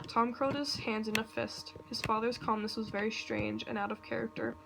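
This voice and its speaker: A woman reading a fan story aloud in a nervous, halting way, breaking off now and then. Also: on the high side, steady tone, gravelly. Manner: nervous, self-interrupting reading with asides. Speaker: reader. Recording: noisy home recording with computer clicks.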